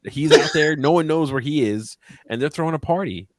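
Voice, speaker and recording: A man co-hosting a podcast, chatting casually and jokingly about a movie, animated and swearing now and then. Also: a little high, fairly quick, crowd noise. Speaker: podcast co-host. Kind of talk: casual movie review chat.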